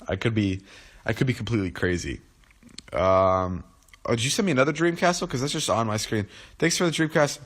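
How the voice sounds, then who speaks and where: A man's voice: mid-range voice, animated, brisk, a bit bright, breathy edge. A young man in his twenties on a casual livestream, just woken up, rambling with lots of restarts and fillers as he talks to viewers. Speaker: livestream host.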